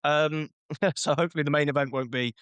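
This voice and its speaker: A man's voice: on the high side, fairly even intonation, fairly quick, a bit bright, clear, resonant tone, no room sound. A man hosting a casual wrestling chat, ranting and joking as he acts out short quoted voices. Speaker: podcast host.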